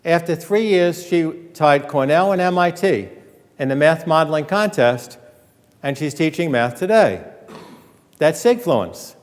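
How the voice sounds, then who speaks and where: A man giving an animated storytelling lecture as an author, joking with and quizzing his audience in a college hall. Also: on the high side, measured pace. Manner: animated, acts out quoted dialogue, jokes with audience. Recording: long hall reverb.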